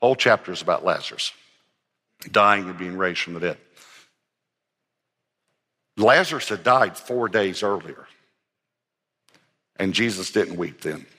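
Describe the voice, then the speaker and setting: A man's voice: low-pitched, lively intonation, unhurried, long pauses, sharp tone, in a large hall. A man preaching a sermon as pastor, earnest and emphatic, driving points home with repeated phrases.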